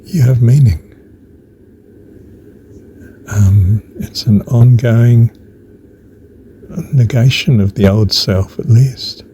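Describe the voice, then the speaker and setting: An older man giving a reflective spoken meditation on faith, musing slowly, halting on fillers and dropping into soft whispered asides. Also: medium pitch, slight background noise. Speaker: speaker on faith.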